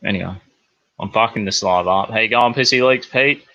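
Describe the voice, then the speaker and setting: A man's voice: fairly low pitch, a little fast, sharp tone, no room sound, dull audio. A man with an Australian accent hosting a crude comedic news livestream, rambling and swearing in blokey slang.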